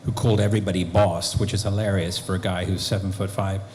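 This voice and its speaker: Animated male storyteller at a fan Q&A. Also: low-pitched, fast talker, slight background noise. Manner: animated storyteller, acting out quotes. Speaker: guest actor and author. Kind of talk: anecdotal convention Q&A. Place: convention hall.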